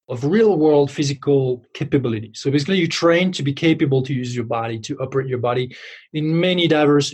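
A man from France with a French accent, a podcast guest talking casually and pausing to find his words. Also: medium pitch, husky. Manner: halting, searching for words. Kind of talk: casual interview chat.

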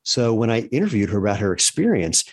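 A man's voice: lowish voice, big pitch swings, fast, slightly rough. A man hosting a podcast interview, curious and storytelling, with frequent restarts. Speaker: podcast host. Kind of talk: conversational interview.

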